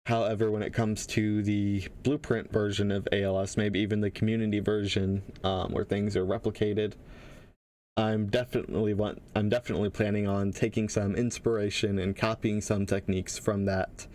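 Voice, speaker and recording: Low-voiced man thinking aloud while coding. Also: flat delivery, a little mellow. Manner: casual, halting, thinks aloud with restarts. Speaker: game developer teaching on a livestream. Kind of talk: thinking-aloud livestream tutorial.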